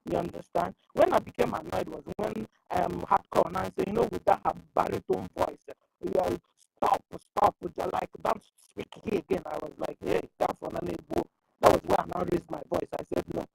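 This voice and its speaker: A man in an online audio meeting, halting and repeating himself, often asking whether he is understood. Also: high-pitched, steady tone, creaky, darkish tone, dry recording, recorded from a distance, low-quality recording. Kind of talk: rambling spoken complaint.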